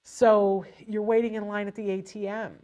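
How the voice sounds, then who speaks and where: A woman's voice: mid-range voice, normal speed. A woman hosting a live show, giving parents advice on language delay and acting out the playful lines they say to a child. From California, USA. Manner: animated, acts out playful baby talk to a child. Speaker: host.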